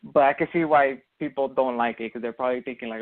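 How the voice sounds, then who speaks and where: A podcast co-host on a casual sports show explains his opinion at length, rambling with lots of fillers and restarts. He speaks quickly with a mid-range voice and fairly even intonation, and the audio sounds tinny, like a phone.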